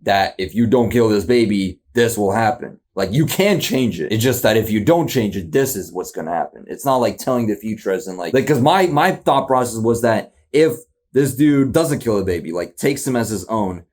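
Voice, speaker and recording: A man's voice: fairly low pitch, animated, moderate pace, few pauses, darkish tone. A man hosting a reaction video, talking in a loose, rambling way, asking incredulous questions and laughing often. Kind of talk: casual reaction commentary.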